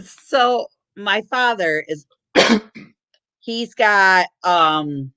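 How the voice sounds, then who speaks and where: A woman telling a funny family story in casual chat, lively and laughing. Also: medium pitch, very slow, clean tone. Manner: lively, laughing, acts out shouted quotes.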